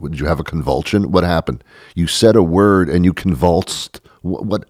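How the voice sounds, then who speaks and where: A man's voice: sits low, moderate pace, a little mellow, no echo, clean studio sound. A man hosting a podcast, talking in a rambling, sarcastic comedic monologue that often stops and restarts. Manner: rambling, self-interrupting, sarcastic. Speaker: podcast host.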